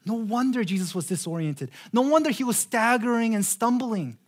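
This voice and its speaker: With a very high voice, the thirty-something pastor preaches in earnest. Key phrases get slowed way down, and he repeats words whenever he starts over.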